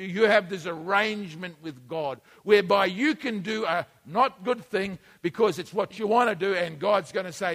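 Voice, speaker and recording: A man preaching a sermon in a conversational way, shifting between quiet asides and emphatic bursts. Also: high voice, moderate pace, hardly any pauses. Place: church hall. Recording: long hall reverb.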